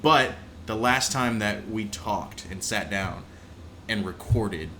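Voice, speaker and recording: Young man with a bright, lowish voice. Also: takes it slowly, slight background noise. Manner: eager, agreeable, stumbles and repeats words. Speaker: podcast co-host and photographer. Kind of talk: casual podcast chat.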